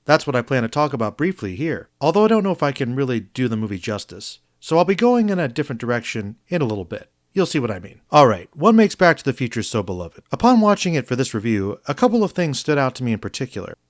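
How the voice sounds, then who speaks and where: A man narrating a scripted film review video essay in an earnest, measured, reflective way. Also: mid-range voice, sing-song, no room sound, clean studio sound.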